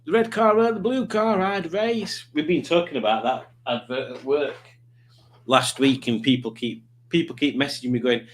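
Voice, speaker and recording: A man's voice: fairly high pitch, moderate pace. A man chatting casually on a livestream, rambling and reading out viewer comments. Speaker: livestreaming YouTuber.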